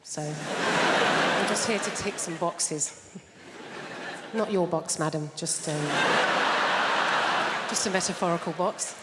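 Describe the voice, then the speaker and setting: A woman's voice: lowish voice, takes it slowly, long pauses. A woman from England performing stand-up on a theatre stage, chatty and teasing the crowd. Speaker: stand-up comedian. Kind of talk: stand-up comedy set. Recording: reverberant live theatre, noisy. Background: audience laughter.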